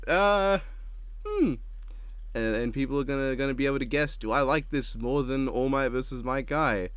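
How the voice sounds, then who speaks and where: A man's voice: medium pitch, animated, measured pace, long pauses, no room sound. A man hosting a casual reaction chat, laid-back and rambling with frequent giggles. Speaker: channel host.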